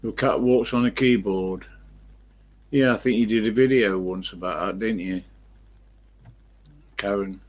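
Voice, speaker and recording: A man from England with an East Midlands accent chats casually at home to his live-stream viewers, rambling through anecdotes at a desk microphone he leans away from. His voice is on the low side, unhurried, with frequent pauses.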